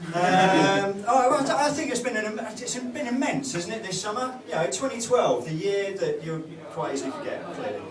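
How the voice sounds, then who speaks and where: A high, expressive male voice moves at normal speed with few pauses as he performs stand-up in a comedy club. Even so, he rambles, hesitates, and keeps restarting with plenty of fillers. Captured from a distance in a spacious room, the set is backed by loud audience laughter.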